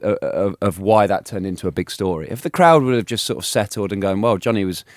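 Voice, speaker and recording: A man in his thirties telling animated stories as an interview guest, laughing and restarting often. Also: on the low side, fast talker, no echo, clean studio sound. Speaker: guest, former cricketer. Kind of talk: casual storytelling interview.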